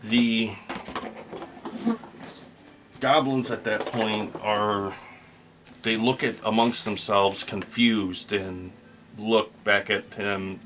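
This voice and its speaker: A man's voice: on the low side, a bit bright, slight background noise. A man narrating his solo tabletop role-playing game, thinking aloud as he rolls dice. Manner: slow, thinking aloud while rolling dice.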